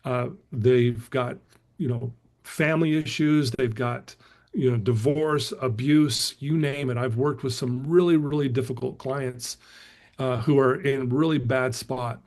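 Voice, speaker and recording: A man's voice: mid-range voice, fairly even intonation, a little slow, a little mellow. Earnest middle-aged male motivational speaker. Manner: storytelling, earnest, repeats himself with fillers. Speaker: motivational speaker and recovery coach. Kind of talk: casual motivational talk.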